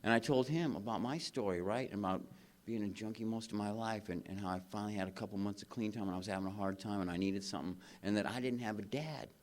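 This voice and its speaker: A man's voice: fairly low pitch, fast talker. A man speaking at a recovery convention, telling his story in an earnest, rambling way, with lots of "man" and "you know". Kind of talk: personal recovery share. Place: convention stage before a live audience.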